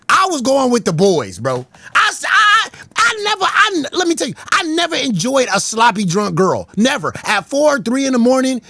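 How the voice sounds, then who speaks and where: A man giving casual livestream commentary, animated, laughing often and stammering over repeated words. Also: very high-pitched, no room sound.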